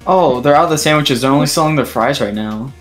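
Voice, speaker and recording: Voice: medium pitch, fast, faint music behind. A friend chatting casually and joking while playing a video game. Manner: joking, teasing. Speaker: gaming friend. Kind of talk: casual gameplay chat.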